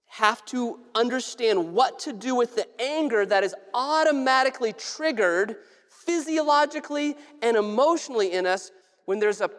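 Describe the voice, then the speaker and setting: Speak in a mid-range voice as a laid-back pastor giving a conversational sermon to the congregation. Keep it casual and funny with occasional light jokes and frequent phrase restarts, letting everything echo long through a large church sanctuary.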